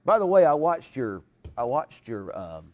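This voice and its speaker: A man's voice: mid-range voice, big pitch swings, unhurried, lo-fi sound. A man hosting a casual live chat show, talking in a rambling way with lots of restarts.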